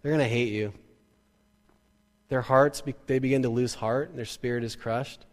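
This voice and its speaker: Animated male pastor in a reverberant hall. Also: mid-range voice, normal speed. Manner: animated, jokey, acts out quoted parents and kids. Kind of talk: sermon.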